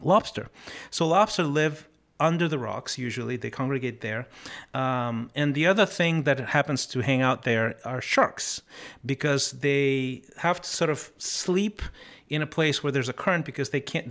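A man hosting a motivational podcast who talks through life lessons in an earnest, reflective way. He tells stories casually, often restarts a phrase and slows down to stress key points. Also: medium pitch, fairly bright tone. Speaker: podcast host.

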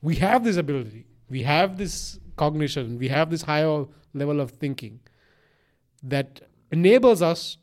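A man's voice: a little high, moderate pace. Rambling, profane man with a mixed accent. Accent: mixed, slight Eastern European. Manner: rambling, profane, animated, laughs often. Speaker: podcast co-host. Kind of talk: casual podcast chat.

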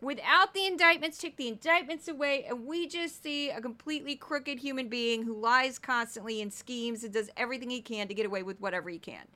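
A woman from Missouri hosting a casual, sarcastic commentary show, mocking news clips with animated asides. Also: a little high, a little fast, few pauses. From Missouri, United States. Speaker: political commentary host.

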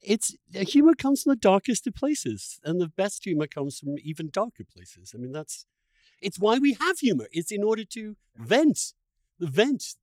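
Male host, wry dark humor, expressive lively pitch, dry sound. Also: moderate pace, no echo. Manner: wry, darkly humorous, laughs while talking. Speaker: podcast host. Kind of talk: casual conversation.

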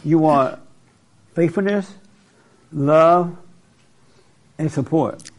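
A man's voice: fairly high pitch, extremely slow. A man preaching informally in a blunt, colloquial way, questioning a listener. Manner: blunt, colloquial, laughs at his own points.

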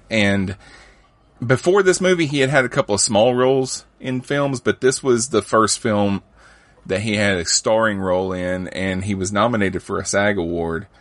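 A podcast host with a fairly low voice talks loosely about movies, restarting sentences and chuckling along the way. He sounds close and dry. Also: a bit bright, no echo. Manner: rambling, chuckling, frequent restarts.

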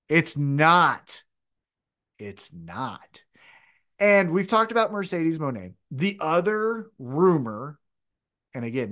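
A man co-hosts a casual wrestling podcast, thinking out loud in a rambling, opinionated way and often starting over. His voice is fairly high with a fairly bright tone.

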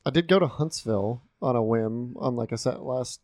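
A man's voice: mid-range voice, normal speed, darkish tone, no echo, clean studio sound. A young man, telling an easygoing story in casual podcast chat. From Texas. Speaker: podcast co-host.

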